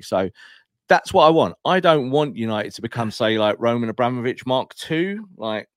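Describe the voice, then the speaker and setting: A man co-hosting a football podcast, talking in an animated, emphatic and opinionated way, with quick asides. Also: lowish voice, no echo, studio quality. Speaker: podcast co-host.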